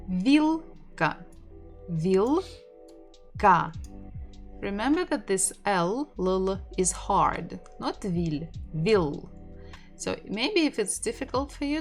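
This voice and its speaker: A woman, a native Russian speaker, leads an online language lesson at an unhurried, deliberate pace. Her voice sits in a middle pitch, and she repeats each sound several times with patient care. Soft music plays faintly behind her. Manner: patient, repeats sounds and words slowly for practice; chatty asides with light laughs. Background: faint background music.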